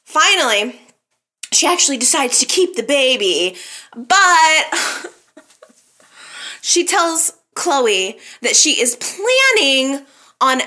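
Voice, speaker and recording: A woman's voice: high voice, sing-song, takes it slowly, pauses often, sharp tone. A woman hosting a casual recap podcast, chatting animatedly and talking straight to her listeners. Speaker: soap opera recap podcast host.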